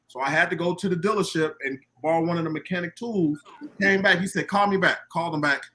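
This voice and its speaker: Man, box truck owner, bright voice a touch high, animated storyteller; casual panel talk. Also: quick pace. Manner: animated storyteller acting out quoted dialogue.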